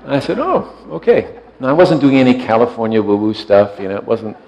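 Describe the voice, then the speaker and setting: Man, meditation teacher, low gravelly voice, soft-spoken, trails off quietly. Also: fast talker, rough recording. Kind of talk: reflective storytelling talk.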